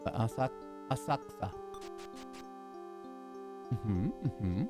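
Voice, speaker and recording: A man's voice: lowish voice, animated, slow, music in the background. A man streaming a video game live, rambling casually and talking to himself.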